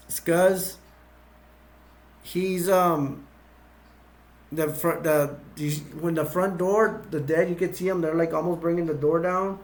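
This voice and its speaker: A man casually retelling a movie's plot in a rambling way, full of fillers and restarts. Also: on the high side. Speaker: movie reviewer.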